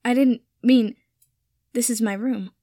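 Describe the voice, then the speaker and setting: A woman reading as Harry, guarded and halting. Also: on the high side, fairly even intonation, warm tone, no room sound, studio quality. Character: young man, guarded, quietly hurt, awkward.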